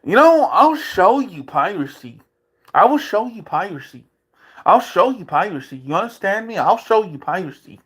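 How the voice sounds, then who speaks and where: A man vlogging an angry, profane rant from a dark room at home, taunting and repeating himself. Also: sits high, sing-song, moderate pace, slightly rough.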